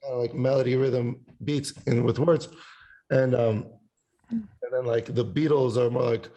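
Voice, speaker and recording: A man's voice: medium pitch, fairly even intonation, normal speed, warm tone. A man, a musician guest on a podcast, talking in a loose, rambling way, swearing often and breaking into sung snippets. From Italian family background. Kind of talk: casual chat.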